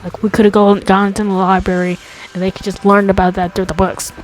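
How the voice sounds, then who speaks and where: An American woman hosts a casual storytime about her childhood, rambling with lots of false starts and fillers. She grows exasperated, and her voice climbs high when she complains. Her delivery is flat and a little fast over soft background music, and the recording is rough.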